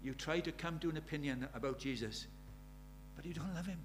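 Male preacher, hushed then urgent. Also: on the high side, fairly quick, background noise. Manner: swings from hushed intimacy to loud urgent questions. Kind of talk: sermon.

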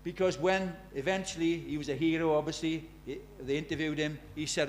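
An older man delivers an evangelistic sermon in a somewhat high voice. He preaches with fervour, sinking to near-hushed lines before surging back up to loud, urgent appeals. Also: a little fast, few pauses, a little hiss or hum. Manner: impassioned, swings from hushed to loud.

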